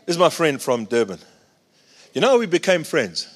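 Passionate preacher in a hall. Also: male voice, on the high side, very animated, moderate pace. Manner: passionate, swings from loud exclamations to soft asides. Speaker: pastor. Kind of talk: sermon. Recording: long reverb of a large hall.

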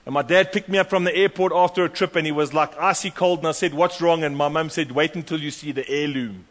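A man preaching a sermon, animated and storytelling, acting out the voices of the people in his stories. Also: on the high side, fast talker. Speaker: pastor. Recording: long hall reverb.

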